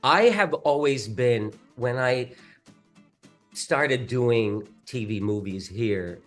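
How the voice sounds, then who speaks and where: Filipino accent guy, earnest and excitable, trips over his words. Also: mid-range voice, slow, faint music behind. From Philippines. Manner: earnest, excitable, stammers restarts. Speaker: stage actor. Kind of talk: casual conversation.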